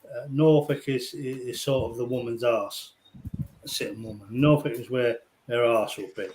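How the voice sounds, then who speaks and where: This is a man with a softened Liverpool accent in a relaxed group chat. He rambles through his points with fillers and jokes, and swears now and then. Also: mid-range voice, moderate pace, a little hiss or hum, rough recording. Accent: Scouse, softened by years in London. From England (Liverpool). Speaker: guest on a discussion stream. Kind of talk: casual chat.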